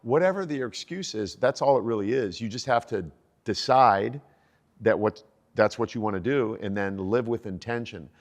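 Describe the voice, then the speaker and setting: Energetic motivational man in his sixties. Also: fairly low pitch, normal speed, in a large hall. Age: 60s. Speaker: podcast guest, fitness coach. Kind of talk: casual podcast conversation.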